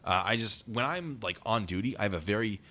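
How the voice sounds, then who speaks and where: A man's voice: fairly low pitch, fairly quick. A young adult man casually telling funny stories from his time as a military police officer, acting out the voices of the people in them. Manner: animated, acts out quoted voices; self-described deadpan humor. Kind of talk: casual storytelling chat.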